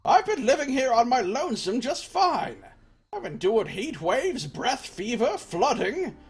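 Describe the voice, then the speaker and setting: A man voicing a cranky, stubborn old male villager who is hard of sight, in a high, slow, indignant voice. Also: big pitch swings, husky, heavily acted.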